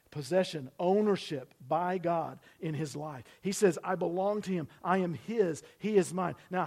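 Male preacher, higher-pitched voice, dynamic sermon delivery with loud peaks and soft drops. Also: slightly rough. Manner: preaching with sudden loud emphasis and drops to near-whisper; asks the congregation to repeat phrases. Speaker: pastor. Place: church building.

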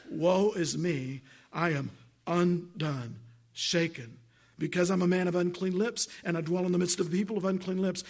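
A man's voice: high voice, gravelly, slightly rough. A middle-aged male pastor preaching a sermon with emphatic, repetitive phrasing, reading Bible verses aloud.

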